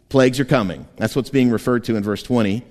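A man preaching a sermon as pastor, animated and playful, often laughing and slipping into quick voices. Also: medium pitch. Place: church sanctuary. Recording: long church hall reverb.

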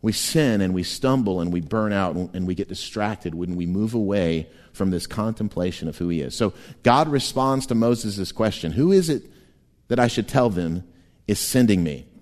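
A male pastor preaching a sermon in a conversational style that builds to emphatic, raised passages. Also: mid-range voice. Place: church sanctuary. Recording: long reverb of a church hall.

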